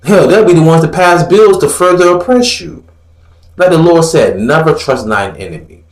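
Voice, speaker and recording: A man's voice: a little high, expressive, moderate pace, echoey room. A man giving blunt, profane religious commentary in a fiery, preachy manner, mocking others in put-on voices.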